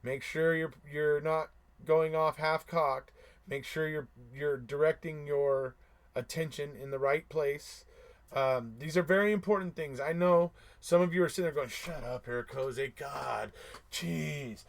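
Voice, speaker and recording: A man's voice: fairly high pitch, fairly even intonation, unhurried. A man with a slightly raised voice chatting casually on a live stream. He answers viewer comments and hammers his points home by repeating them, with a chuckle here and there. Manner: repetitive, emphatic, chuckles between remarks. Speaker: livestream host reading viewer comments.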